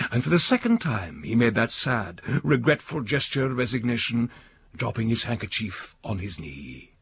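Male audiobook narrator, gravelly, husky, very lively pitch, dry close sound. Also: moderate pace. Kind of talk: audiobook reading.

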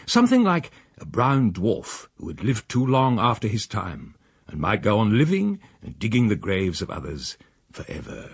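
A man reading a story aloud in an expressive, wry manner. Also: normal speed, husky, no room sound. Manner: expressive, sweeping pitch, wry. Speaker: narrator. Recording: dry close recording.

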